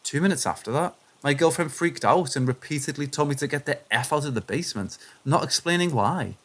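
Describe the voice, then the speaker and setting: A man's voice: a little high, a little fast, a bit bright. Man reading paranormal stories aloud. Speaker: narrator reading viewer stories. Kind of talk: scripted narration of submitted stories.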